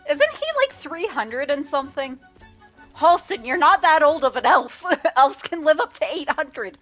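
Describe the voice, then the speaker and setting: A woman's voice: high voice, very animated, measured pace, a bit bright, faint music behind. A woman streaming a video game, chatting casually, swearing and laughing often. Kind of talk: casual gameplay commentary.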